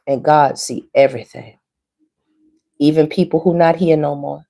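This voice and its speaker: A woman's voice: sits low, steady tone, moderate pace, mellow. A woman giving a casual spoken tarot reading, chatty and repetitive, restating each point twice. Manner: chatty, repetitive, relays messages in quotes. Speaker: tarot reader.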